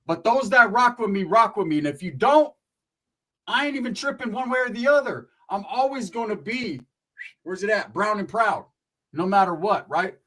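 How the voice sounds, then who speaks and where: On his livestream, a young YouTuber from Northern California delivers an expressive, profane rant at normal speed, tossing in "right?" and "bro" as tags. He has a high voice with a sharp tone, captured in low-quality audio.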